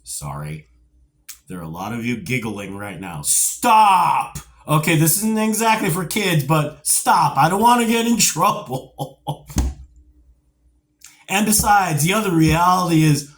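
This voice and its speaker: Middle-aged male collector for a toy review; unhurried, pitched a bit high, rambling and playfully nostalgic. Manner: animated and rambling, with playful asides; nostalgic, geeky enthusiasm. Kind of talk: casual video review.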